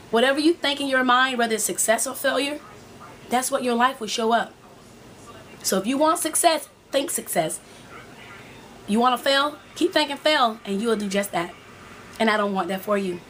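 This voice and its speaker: A woman coaching her viewers in a motivational video, her voice sitting fairly high. She preaches and repeats her points, speaking straight to the listener. A faint noise runs under the recording. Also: fairly bright tone. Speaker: life coach. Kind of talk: motivational video talk to women.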